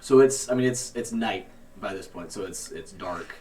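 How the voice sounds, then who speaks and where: A man narrating as game master, halting with many ums and restarts, recorded on a distant mic with faint noise. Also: sits low, darkish tone, reverberant. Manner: hesitant, full of ums and restarts.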